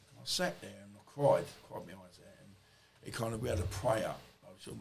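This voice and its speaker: A man's voice: lowish voice, a little fast, gravelly, hardly any pauses, poor audio. A man, a podcast guest telling rambling personal stories in casual talk, swearing freely and acting out what people said to him. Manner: rambling, swears freely, acts out quoted dialogue. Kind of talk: casual storytelling interview.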